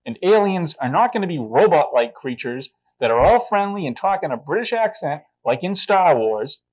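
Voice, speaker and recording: A man's voice: on the high side, very animated, normal speed. Indignant man ranting to camera. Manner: indignant, sarcastic, emphatic. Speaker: producer and host. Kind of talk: comedic rant to camera.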